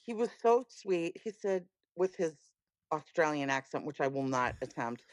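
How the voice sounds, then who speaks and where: A woman with a fairly low voice tells concert stories in a lively, emphatic way. She is a guest on a casual chat podcast, and the sound is close and dry. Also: moderate pace, dry recording. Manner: lively storyteller, animated and emphatic.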